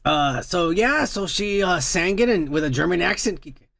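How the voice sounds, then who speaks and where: A man with a high, gravelly voice hosts a podcast, rambling crudely and swearing freely. The sound is dry and close, with no room around it. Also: expressive, moderate pace, a bit bright, no echo. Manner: profane, rambling, laughs often. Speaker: podcast host. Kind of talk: crude casual chat.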